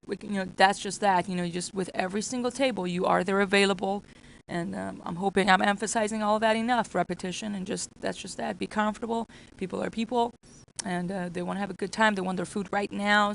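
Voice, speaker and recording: Woman, workplace trainer, mid-pitch voice with vocal fry, repetitive coaching delivery. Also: a little hiss or hum, poor audio. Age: adult with children. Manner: repetitive, acts out customer exchanges. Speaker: restaurant staff trainer.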